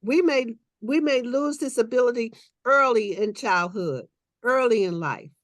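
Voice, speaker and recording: A woman's voice: a little high, dry recording. A reflective woman host with a dry, close voice. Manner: reflective, measured, then conversational and animated. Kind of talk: reading a passage, then casual group chat.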